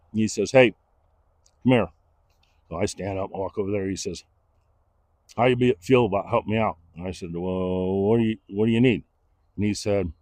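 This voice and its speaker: A middle-aged man, telling a personal story in a casual, animated way and acting out the voices of the people he quotes. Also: on the low side, no echo. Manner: animated, acts out quoted dialogue.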